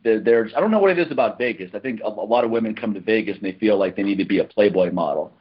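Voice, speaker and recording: A relaxed man co-hosting a podcast in casual chat, chuckling and tripping over his words as he goes. His voice is husky and grainy, and the lo-fi recording sounds muffled. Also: lowish voice, racing. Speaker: podcast co-host.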